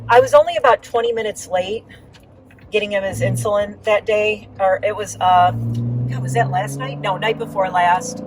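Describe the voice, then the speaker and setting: A woman's voice: medium pitch, moderate pace, far from the mic. Chatty woman vlogging from a noisy car. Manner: rambling, animated, lots of fillers. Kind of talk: casual chatty vlog update.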